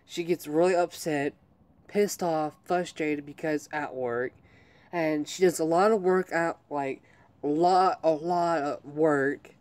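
A man's voice: fairly high pitch, takes it slowly, a little mellow, clean tone. Upset man venting and swearing. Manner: upset, rambling, heavy swearing. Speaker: vlogger. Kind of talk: venting vlog to viewers.

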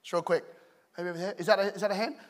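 A man's voice: high-pitched, racing. A man from England in his thirties preaching a humorous sermon, telling stories with jokes. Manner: joking, animated storyteller. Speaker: pastor.

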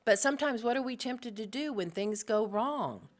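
A middle-aged woman teaching a women's Bible study to a live group, earnest and animated, speaking straight to her listeners. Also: a little high, normal speed. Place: room with a live audience.

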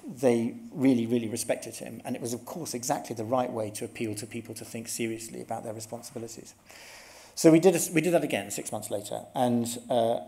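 This is a conference workshop talk by a middle-aged man whose voice is medium-pitched with a dark tone. He's earnest and explanatory, and he restarts sentences often.

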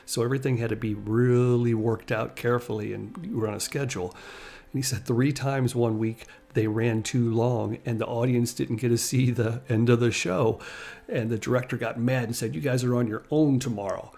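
Gravelly-voiced man telling a story. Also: medium pitch, fairly even intonation, normal speed, a little mellow. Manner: conversational, retells anecdotes with small laughs. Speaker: channel host and narrator. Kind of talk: casual storytelling narration.

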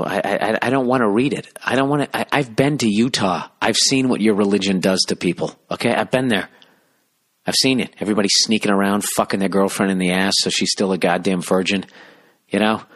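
A man's voice: low voice, fairly quick, a bit bright. A man hosting a solo comedy podcast, ranting sarcastically and swearing as he riffs. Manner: sarcastic, profane, riffing. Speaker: podcast host.

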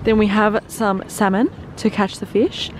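A woman's voice: mid-range voice, fairly even intonation, a little slow. A young woman chatting to the camera as a travel vlogger, playful and laughing often, filmed on a handheld camera in a car and outdoors. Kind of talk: casual vlog chat to camera. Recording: noisy outdoor and car recording. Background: car and street noise.

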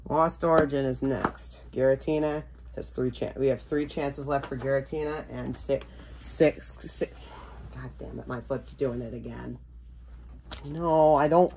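Slightly slow and a little mellow, his mid-range voice stays fairly even in intonation, with a faint hiss or hum in the background. The man hosts a card-opening video, chatting casually as he opens trading card packs, rambling and joking with himself and occasionally speaking of himself by name in the third person.

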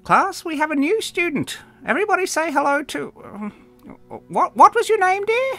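A man voicing a fussy, half-blind female teacher who speaks high, loud and impatient. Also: sing-song, moderate pace, no echo, soft background music, heavily acted.

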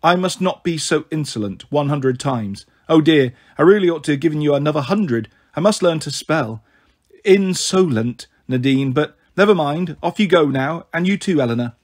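A man reading aloud and voicing a middle-aged female teacher who speaks primly and coaxes gently. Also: fairly high pitch, expressive, normal speed, hardly any pauses. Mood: coaxing. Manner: prim, gently coaxing.

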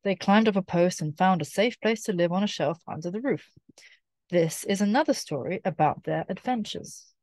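A woman reading a children's storybook aloud in a clear, careful way, repeating key phrases slowly. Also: lowish voice, a little mellow, no room sound, clean studio sound. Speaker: storybook reader.

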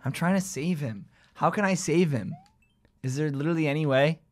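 A man giving live gameplay commentary, joking with his chat and yelling and squealing when things go wrong. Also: fairly high pitch, brisk, faint music behind. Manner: excitable, yells and squeals at game moments. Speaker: gaming streamer.

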